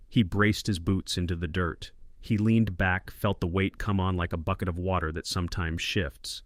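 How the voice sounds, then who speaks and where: Deep-voiced man narrating a western tale. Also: dry recording, clean studio sound. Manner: low, calm, measured. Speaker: storyteller. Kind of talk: scripted western story narration.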